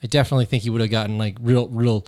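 A man giving a rambling, halting verdict in a casual comedy chat. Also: medium pitch, fairly even intonation, darkish tone. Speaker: podcast panelist.

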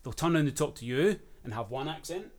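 A man's voice: on the high side, animated, fast. A middle-aged man with a Scottish accent, a guest in a casual podcast chat, talking in a dry, laid-back way and swearing casually. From Scotland.

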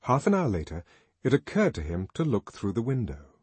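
A man narrating a novel in a measured, expressive audiobook reading. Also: mid-range voice, slightly rough, no echo. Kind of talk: scripted narration.

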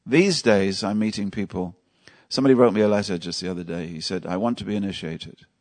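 A low-voiced, slightly mellow man talks quickly as he leads a devotional class at a temple. He tells stories conversationally and puts questions to his listeners.

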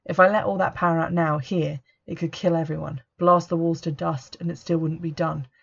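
A woman reading a first-person audiobook in a steady, measured way. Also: sits low, vocal fry, husky. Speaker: audiobook narrator. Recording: dull lo-fi recording.

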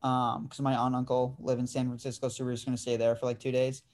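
Talking fast with a totally flat delivery, a man in his 20s hosts a podcast and tells a story in loose, casual conversation. His voice is mid-range and somewhat dark, and "dude" and "like" come up constantly.

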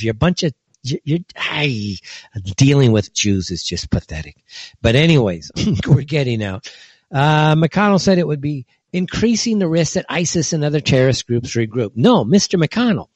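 A man hosting an online opinion show, talking in a heated, scornful way, with his voice jumping high when he is indignant. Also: a little mellow, husky, no echo. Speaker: political commentary host. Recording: dull lo-fi dry recording.

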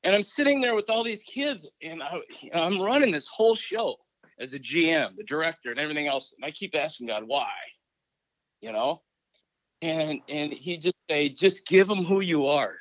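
Animated man telling stories, lo-fi sound. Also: fairly high pitch, a little fast, no room sound. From Minnesota. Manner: animated, acts out remembered conversations. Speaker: interview guest, former hockey coach. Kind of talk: casual interview storytelling. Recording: dry, dull lo-fi recording.

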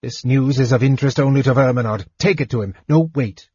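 A man playing a scheming dragon, irritable, snarling, husky, dull lo-fi. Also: mid-range voice, brisk, a little mellow, no echo, natural voice. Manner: snarling and impatient.

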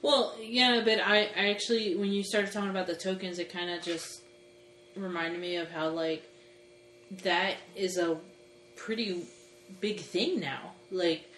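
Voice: mid-range voice, fairly even intonation, bright, forceful tone. Teasing podcast co-host in an echoey room. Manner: teasing, quick short reactions. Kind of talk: casual chat. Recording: echoey room with faint background noise.

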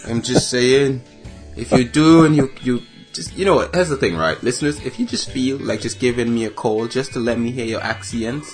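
A man's voice: mid-range voice, moderate pace. Jokey guy cohosting a podcast, teasing and loose, faint music behind. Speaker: podcast co-host. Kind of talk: casual chat.

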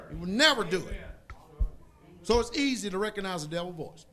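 A male pastor preaches with fervor, his voice high and bright. He swings between quiet, low passages and sudden shouted peaks. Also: expressive, brisk, pauses often. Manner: fervent preaching, bursts into shouts. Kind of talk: sermon.

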